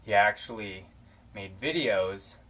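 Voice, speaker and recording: Slow, bright and forceful, his voice is fairly low in pitch. The American man, a vlogger living in Arizona, talks directly into his camera mic for casual shout-outs, rambling affectionately and full of fillers and restarts.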